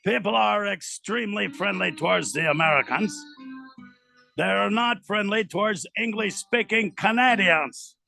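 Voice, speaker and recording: A radio host putting on a French accent to voice a friendly Quebecois man, with a gravelly, sore-throated voice. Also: sits high, a little slow, pushed and bright, faint music behind, pitched above the performer's own voice, heavily acted. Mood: earnest. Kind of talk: reading a listener text in a put-on accent.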